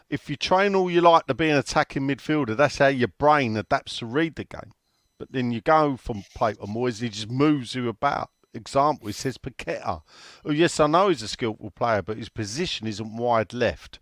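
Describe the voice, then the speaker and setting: A man's voice: mid-range voice, fairly bright tone, no room sound, studio quality. A man hosting a casual football chat, reading out listener questions in a blunt, sweary way.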